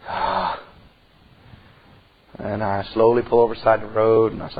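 Middle-aged male pastor, folksy storyteller, husky voice, dull lo-fi church recording. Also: fairly low pitch, wildly swooping pitch, moderate pace, pauses often. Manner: folksy storytelling preacher, swings from loud to hushed. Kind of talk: sermon.

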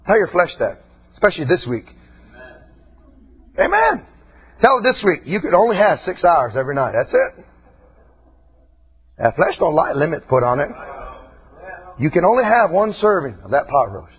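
A man preaching a sermon who swings between high shouting and low, quiet asides. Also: very animated, normal speed, long pauses, highs cut off, a little hiss or hum.

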